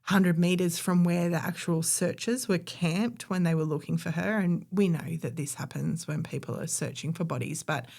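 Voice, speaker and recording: A woman recounts a local history story to her co-host in a relaxed, conversational way. Her voice sits low and has a gravelly fry running through it. She sounds opinionated and chatty. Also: moderate pace, hardly any pauses. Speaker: podcast co-host. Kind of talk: casual storytelling chat.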